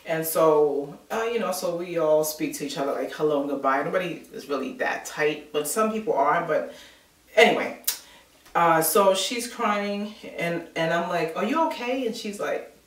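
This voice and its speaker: A woman's voice: sits low, normal speed. New lady vlogging, casual rambly chat, kinda far from the mic. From New York. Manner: chatty storyteller, many filler words. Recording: roomy sound from a distant mic.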